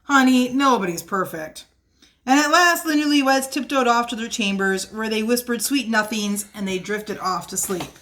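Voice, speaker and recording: Playful high-voiced woman reading a story. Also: moderate pace, hardly any pauses, fairly bright tone. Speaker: children's librarian. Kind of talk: read-aloud storytime.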